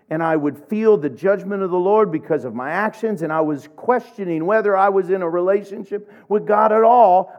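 A middle-aged man from Oklahoma preaching a sermon, telling humorous, animated stories. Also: high-pitched, highs cut off. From Oklahoma, USA. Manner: humorous, animated storytelling with laughs.

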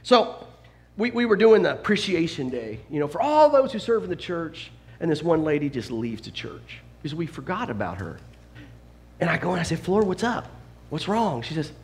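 A middle-aged man preaching a sermon as a pastor, telling self-deprecating stories with lots of restarts. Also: a little high. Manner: animated, self-deprecating storytelling with frequent restarts.

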